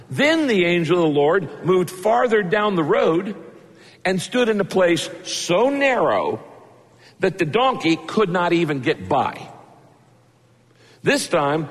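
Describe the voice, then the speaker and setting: A male pastor preaching a sermon, telling the story with lively asides and acting out the characters' lines. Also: high voice, slightly rough. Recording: long hall reverb.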